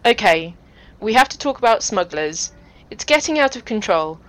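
A woman's voice: medium pitch, sing-song, normal speed, a bit bright. A woman voicing a sardonic, stern female station boss. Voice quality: dry and cutting.

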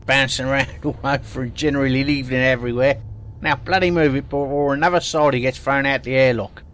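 A man's voice: mid-range voice, fairly even intonation, fast, fairly bright tone, close to an everyday voice. A man voicing a foul-mouthed, blunt space station parking warden with an Australian accent, over a faint background hum. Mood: gruff. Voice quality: brash, sweary and blunt.

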